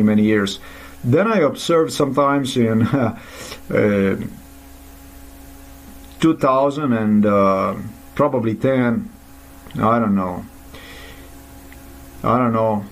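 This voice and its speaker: A man delivering an angry, profane, rambling monologue to the camera, often restarting his sentences. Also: mid-range voice.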